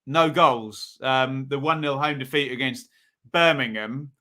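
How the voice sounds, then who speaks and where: A man's voice: medium pitch, measured pace, pushed and bright. A man hosting a live football preview, chatting and reading out viewer predictions. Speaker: football podcast host.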